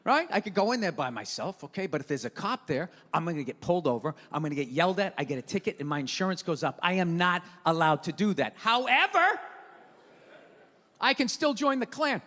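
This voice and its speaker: A male stand-up comedian ranting profanely in a live set, swinging from mumbled asides to shouting. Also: high voice, big pitch swings, a little fast. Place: theater stage before a live audience. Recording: live hall with crowd noise. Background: crowd laughing and applauding.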